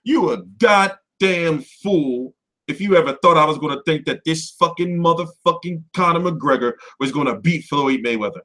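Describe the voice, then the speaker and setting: A man hosting a boxing livestream from home, ranting off the cuff with lots of swearing, switching between loud outbursts and mumbled asides. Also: fairly high pitch, normal speed. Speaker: boxing commentary livestream host. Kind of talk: profane off-the-cuff rant.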